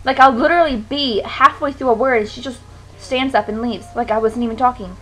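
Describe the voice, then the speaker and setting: A woman's voice: a little high, fairly quick, a bit bright, rough recording. A teenage girl venting to camera in a frustrated, swearing rant. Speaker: vlogger. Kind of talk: ranting to camera.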